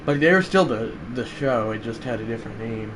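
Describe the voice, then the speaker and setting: A man live-streaming a baseball video game, chatting to viewers and breaking into loud play-by-play calls. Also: mid-range voice, expressive, fairly quick, noisy background. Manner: rambling chat to viewers, bursting into shouted play-by-play calls. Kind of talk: live game commentary and chat.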